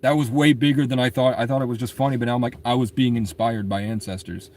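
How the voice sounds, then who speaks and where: A man's voice: medium pitch, fairly even intonation, fast talker, slight background noise. A young man rambling through profane stories about his own past in a loose monologue, laughing at his own jokes. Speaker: musician telling his own story.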